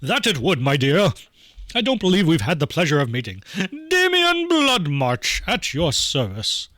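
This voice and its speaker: Pompous goth single dad, grandly formal, put on by a man, lively pitch, dry sound. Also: dry recording, heavily acted. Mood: gallant. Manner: grand, drawn-out, old-fashioned formality. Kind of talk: voicing characters in a game playthrough.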